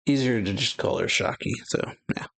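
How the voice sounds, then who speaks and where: A man hosting a reaction channel, casually reading a manga chapter aloud in a relaxed, halting way full of "yeah" fillers. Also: lowish voice, gravelly, dry recording. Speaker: anime reaction channel host.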